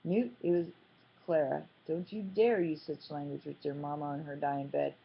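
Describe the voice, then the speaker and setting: A woman reading a brisk, scolding grown daughter. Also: deep voice, fairly even intonation, vocal fry, husky, exaggerated voice. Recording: slightly muffled, dull audio.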